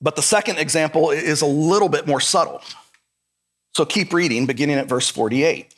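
A man's voice: a little high, brisk, a bit bright. A male pastor preaching a sermon in an earnest, emphatic way, repeating his key points.

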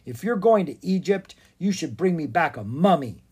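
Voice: mid-range voice, lively intonation, moderate pace, a little mellow, husky, voice pushed up. A storybook reader voicing a grumpy, stubborn little boy. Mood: sulky. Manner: sulky, stubborn. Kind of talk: storybook read-aloud.

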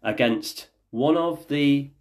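A man's voice: medium pitch, slow. A man hosting a casual family podcast as the dad, chatty and jokey, leading the talk with questions.

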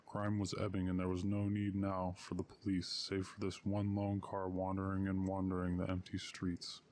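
Man, story narration, deep voice, even flat delivery, unhurried. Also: slight background noise. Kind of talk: audiobook story reading.

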